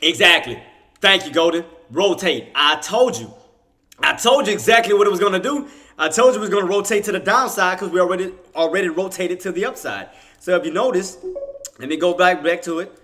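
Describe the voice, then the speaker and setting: A man's voice: high-pitched, fairly quick, a little hiss or hum. A man hosting a live trading stream, chatting casually with viewers and bragging that his market call came true. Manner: animated, bragging, laughs often, talks to chat. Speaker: trading livestream host.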